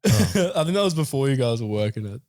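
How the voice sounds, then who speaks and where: A man's voice: medium pitch, sing-song, brisk, a little mellow, dry recording, clean studio sound. A man co-hosting a podcast, telling funny stories in casual chat and laughing through the punchlines. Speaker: podcast co-host.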